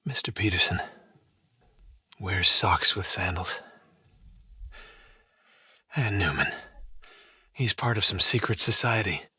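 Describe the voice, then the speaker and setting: A man voicing an excitable, eccentric male neighbor who talks in high, breathless bursts. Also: slow, long pauses, husky, dry recording, clean studio sound, exaggerated voice. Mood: excited.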